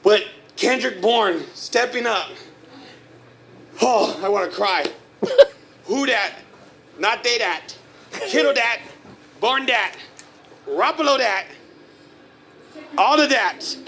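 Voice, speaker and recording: A man's voice: very high-pitched, lively intonation, slow pace, pauses often, sharp tone. A man sending a rowdy, laughing fan voice message to the show. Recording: noisy phone voice memo.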